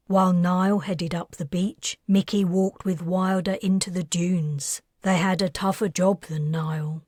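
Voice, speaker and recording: A woman narrating her audiobook in a measured, hushed way. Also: on the low side, slightly rough, dry recording, clean studio sound. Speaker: author narrating.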